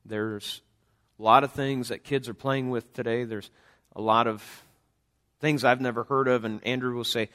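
Male pastor, mid pitch, earnest sermon delivery with restarts. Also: fairly even intonation, normal speed, a bit bright. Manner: earnest preaching with frequent restarts and scripture readings. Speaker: father of a young son.

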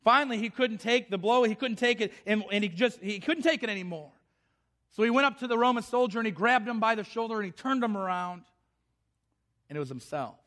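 A man's voice: very high voice, quick pace, a bit bright. A man preaching a sermon with passion, repeating phrases and restarting his sentences. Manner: impassioned, repetitive, with frequent restarts.

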